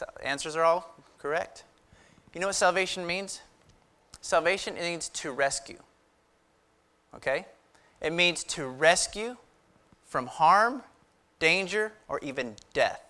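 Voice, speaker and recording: A man's voice: on the high side, a little slow. A young man preaching to a youth group, quizzing the room, joking and building the story up dramatically. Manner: lively, asks the room, jokes and builds drama. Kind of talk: youth sermon with audience questions.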